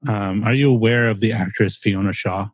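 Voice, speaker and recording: A man's voice: lowish voice, fairly even intonation, moderate pace, dry recording. A man co-hosting a podcast, casual and blunt, voicing strong opinions with some swearing. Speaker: podcast co-host. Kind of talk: casual chat.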